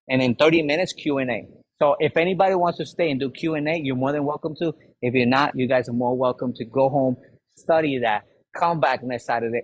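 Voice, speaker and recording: A man giving an energetic, motivational sales talk to a live audience, speaking straight to the crowd. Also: medium pitch, breathy edge. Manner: energetic, fast-talking, addresses the crowd directly. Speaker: sales coach leading a live workshop.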